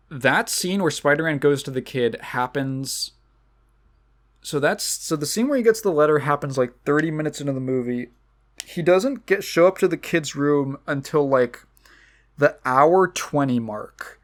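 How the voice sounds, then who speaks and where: A man's voice: on the high side, lively intonation, a little slow. A man hosting a podcast, ranting casually about a movie in a rambling, sarcastic way, with frequent restarts and self-corrections. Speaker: podcast host.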